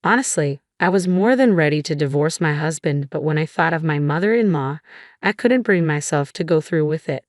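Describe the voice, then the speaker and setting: A woman tells a first-person story in an even, measured way. Her voice is low and deep, recorded close and completely dry. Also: no echo. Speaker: narrator.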